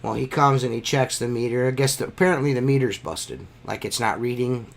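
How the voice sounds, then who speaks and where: A man's voice: mid-range voice, a little fast, creaky. A man telling stories in a casual podcast chat, swearing freely and ranting about bills. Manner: profane, ranting storyteller. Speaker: podcast host.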